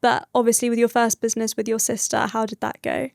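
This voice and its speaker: A woman's voice: fairly high pitch, level tone, quick pace, vocal fry, no echo, studio quality. A young woman hosting a podcast, chatting casually in a bubbly, effusive way. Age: young adult. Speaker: podcast host.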